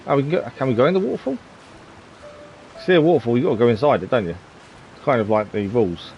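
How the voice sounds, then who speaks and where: A man's voice: medium pitch, lively intonation, fast, soft background music. Casual, laid-back male streamer talking over gameplay; dull, lo-fi sound. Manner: chatty, self-deprecating, laughs often. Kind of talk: casual live-stream commentary.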